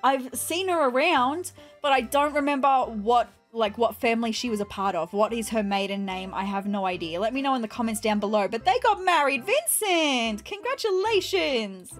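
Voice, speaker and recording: High-voiced excitable woman gaming host. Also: normal speed, hardly any pauses, soft background music. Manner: excitable, gasping and squealing at surprises. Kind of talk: let's play commentary.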